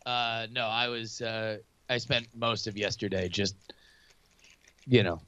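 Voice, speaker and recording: A man's voice: fairly low pitch, steady tone, a little slow, pushed and bright, smooth, no room sound. A man co-hosting a casual comedy podcast, hesitant and dry in his delivery. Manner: hesitant, dry, laid-back. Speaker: podcast co-host.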